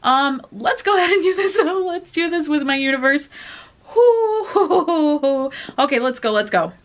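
A woman's voice: sits high, a little fast. A woman hosting a reaction video, talking casually and gushing with lots of exclamations. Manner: excitable, gushing, full of exclamations and "like". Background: the reacted-to music video playing faintly.

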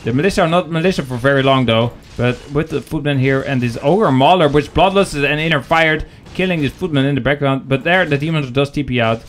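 Speaking fast with few pauses in a voice on the high side, a game caster provides live esports commentary on a strategy match. He keeps it jokey and chatty, talking directly to his viewers in the chat.

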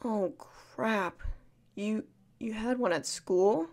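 A woman in a whispered role-play as a caring friend, talking softly and soothingly, repeating comforting words and shushing gently. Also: mid-range voice, drawn-out words. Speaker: ASMR creator playing a caring friend.

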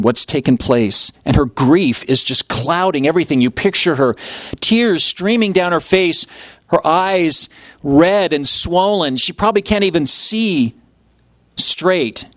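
A pastor with a fairly high male voice preaches through a passage, painting scenes vividly and slipping into the voices of its characters. The sound is dry and close, with little room echo. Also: a bit bright. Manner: vivid storytelling, acts out voices. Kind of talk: expository sermon.

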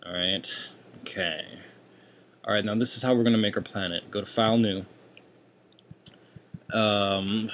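Rambling young man, low voice, cursing. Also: a little hiss or hum. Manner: loose, rambling and profane, grumbling asides. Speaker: tutorial host. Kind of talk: casual screen-recorded software tutorial. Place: hot room at home.

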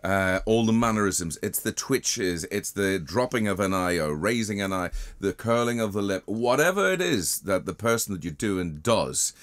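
A man's voice: fairly low pitch, expressive, moderate pace, few pauses, a bit bright, no echo. A man hosting a breakfast radio show, enthusing about his guest in the studio. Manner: enthusiastic, effusive praise. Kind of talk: radio interview chat. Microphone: studio microphone.

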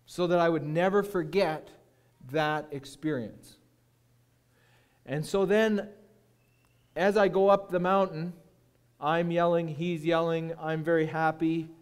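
A man preaching as a guest speaker, telling a personal story with dramatic pauses and hushed moments. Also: on the high side, steady tone, clean tone.

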